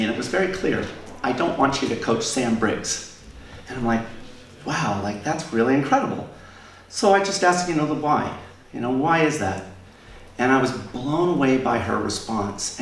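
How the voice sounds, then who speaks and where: Low gravelly man coaching in a roomy space. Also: distant mic. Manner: measured, explanatory, repeats words when starting. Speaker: endurance coach. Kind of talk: interview answer. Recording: roomy sound from off-mic with faint noise.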